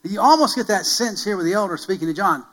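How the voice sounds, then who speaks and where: Through a low-quality recording comes a man's high, animated voice preaching quickly as pastor. He quizzes the congregation and hammers key phrases with mounting force, emphatically working up to loud calls.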